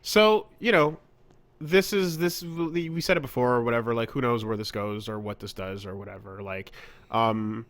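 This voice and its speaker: Male podcast co-host, mid-pitched, loose and rambling delivery. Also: normal speed, a bit bright. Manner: rambling, frequent restarts and trailing thoughts. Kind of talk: casual podcast chat.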